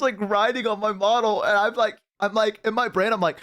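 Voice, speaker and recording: A man's voice: high voice, fairly even intonation, brisk, fairly bright tone. A man streaming from home on a headset, telling a story to his chat in a rambling, swearing, laughing way. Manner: profane, rambling, bursts of laughter.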